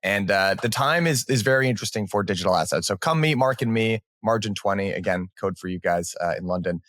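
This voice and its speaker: A man's voice: fairly low pitch, animated, fast, fairly bright tone, dry recording, clean studio sound. A man hosting a markets podcast, walking through economic data in a conversational way with fillers. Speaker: podcast host. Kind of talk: casual market chat.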